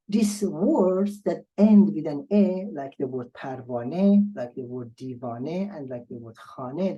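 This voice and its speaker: A woman language tutor giving an online lecture, explaining patiently and slowly repeating example words for learners. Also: low-pitched, mellow, rough recording.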